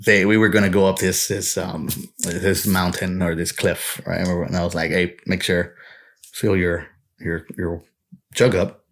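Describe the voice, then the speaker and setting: A man's voice: deep voice, little pitch movement, unhurried. A man from Texas, a podcast guest, telling stories in a rambling, casual way, full of "you know" and "right" and frequent laughter. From Texas, USA. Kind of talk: casual storytelling chat.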